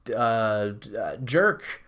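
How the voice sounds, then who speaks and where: A man's voice: lowish voice, expressive, slow pace, fairly bright tone, pitched below the performer's own voice. A man reading a flustered young lawyer. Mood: rattled. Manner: stammering, rattled. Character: flustered, earnest young male defense lawyer.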